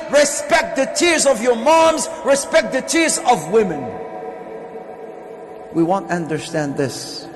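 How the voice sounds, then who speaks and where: A man preaching to a congregation, impassioned and repetitive, often rising to shouts. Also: very high voice, expressive, slow pace, soft background music. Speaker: visiting sheikh and speaker. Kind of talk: sermon to a live congregation. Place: large prayer hall. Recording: echoey hall with faint room noise.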